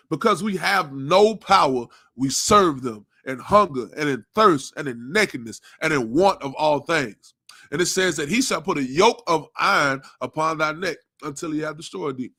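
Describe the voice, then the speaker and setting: Insistent preaching man, fairly high voice. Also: no room sound, clean studio sound. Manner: tags nearly every sentence with "man" and "you understand?"; forceful, insistent preaching with rhetorical questions. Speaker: religious class teacher. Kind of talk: preaching Bible class.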